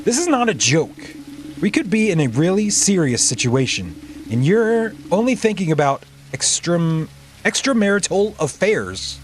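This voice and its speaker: A man's voice: fairly high pitch, big pitch swings, normal speed, soft background music. A man streaming a live game playthrough, reading the dialogue aloud in a playful, jokey way.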